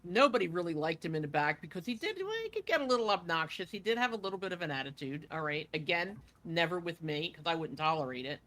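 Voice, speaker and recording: A woman's voice: fairly low pitch, expressive, fast, few pauses, a bit bright. A woman guest telling casual stories with many fillers in a chatty, rambling way. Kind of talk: casual storytelling interview.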